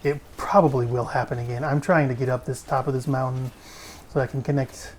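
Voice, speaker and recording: A man giving casual gameplay commentary as a streamer. He chats freely, swears often and breaks into sudden loud exclamations. He talks while sitting in a desk chair at home. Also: medium pitch, steady tone, brisk, slight background noise. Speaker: gaming streamer.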